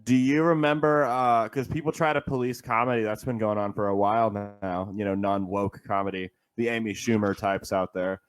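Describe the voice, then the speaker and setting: A man's voice: lowish voice, fairly even intonation, moderate pace, hardly any pauses. A man who is a comedian and a guest on a podcast, telling stories in a laid-back way and laughing often. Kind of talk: casual chat, telling stories.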